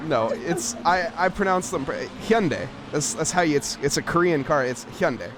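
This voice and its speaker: A man's voice: a little high, fairly quick, background noise. An American man doing casual live sim racing commentary, joking and playfully mangling car names.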